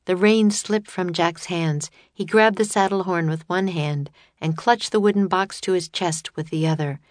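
Female audiobook narrator, lower voice, dry close sound, storybook reading. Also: normal speed, dry recording.

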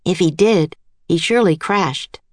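A woman narrating a children's chapter book aloud in a steady, clear storytelling voice. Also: lowish voice, unhurried, no echo.

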